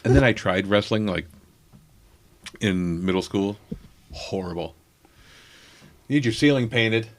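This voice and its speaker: Low-voiced man telling a rambling story. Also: measured pace, pauses often. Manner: rambling, many fillers and asides. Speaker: comedian guest. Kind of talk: casual anecdotal storytelling.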